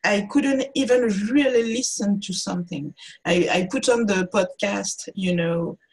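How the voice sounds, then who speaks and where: A woman's voice: medium pitch, a little slow, creaky, breathy edge, poor audio. A woman artist speaking as a guest on a video-call interview, thoughtful and searching for her words. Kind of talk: reflective interview talk.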